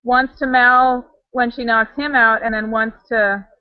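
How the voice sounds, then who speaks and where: A woman's voice: a little high, steady tone, a little slow, no room sound, lo-fi sound. A woman co-hosting a casual video-call chat at home, rambling with fillers. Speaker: livecast co-host. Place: home with dogs barking. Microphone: webcam video call.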